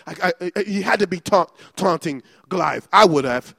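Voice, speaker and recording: A male pastor preaching a fervent, repetitive sermon that builds to shouting. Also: high voice, expressive, normal speed, vocal fry, no room sound, clean studio sound.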